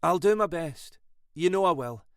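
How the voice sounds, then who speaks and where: A man's voice: on the high side, animated, normal speed, dry recording, studio quality, voice pushed up. A man voicing a frank, matter-of-fact woman forensic scientist with a wry edge.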